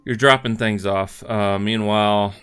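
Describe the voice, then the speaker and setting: A man's voice: on the low side, steady tone, unhurried, fairly bright tone, smooth. A man narrating as game master in a casual, profane tabletop session, often trailing off with fillers.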